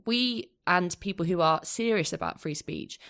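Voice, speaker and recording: A woman's voice: lowish voice, expressive, moderate pace, creaky, fairly bright tone. A woman on a podcast panel, speaking emphatically in casual discussion. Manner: emphatic, laughing at absurdities.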